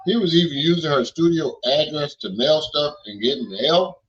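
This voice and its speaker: A man's voice: fairly high pitch, moderate pace, a bit bright, muffled recording. A man giving blunt, profane reaction commentary in casual slang.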